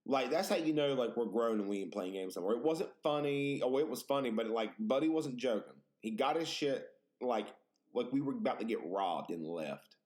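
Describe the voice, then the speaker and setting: A podcast host with a medium-pitched voice talks fairly quickly, spinning exaggerated, profane stories in casual chat with animated energy.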